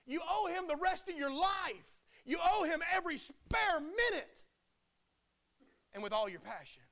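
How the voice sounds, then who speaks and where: A man preaching a sermon, swinging between loud impassioned declarations and hushed, quiet drops. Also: extremely high pitch, very animated, a little slow, gravelly.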